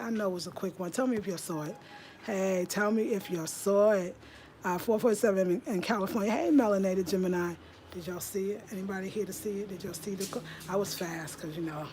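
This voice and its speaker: A woman hosting a home design live stream from her rented house, chatting excitedly with viewers and calling them y'all. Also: medium pitch, a little fast, background noise. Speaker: home design channel host.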